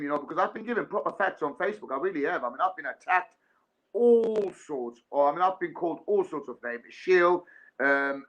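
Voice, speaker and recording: A man's voice: on the high side, a bit bright. A man telling a long, rambling story in casual conversation, acting out both sides of phone calls. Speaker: guest. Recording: dull lo-fi sound.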